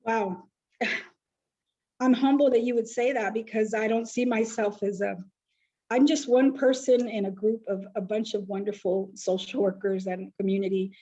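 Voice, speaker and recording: A woman's voice: medium pitch, measured pace, low-quality recording. A middle-aged woman, a social worker telling stories in an interview and acting out the people she quotes. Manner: animated storyteller, acts out quoted voices. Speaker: foster agency founder and social worker. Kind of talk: storytelling interview.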